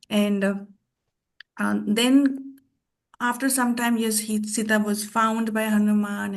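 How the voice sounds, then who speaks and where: A woman teaching a scripture class, telling a story in a thoughtful, pausing way with restarts. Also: mid-range voice. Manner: thoughtful, with frequent pauses and restarts.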